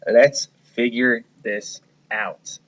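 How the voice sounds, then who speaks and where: Guy teaching little kids to read, bright voice, slightly muffled audio. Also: medium pitch, fairly even intonation. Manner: slow, encouraging, leads the class step by step. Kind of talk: reading lesson for young children.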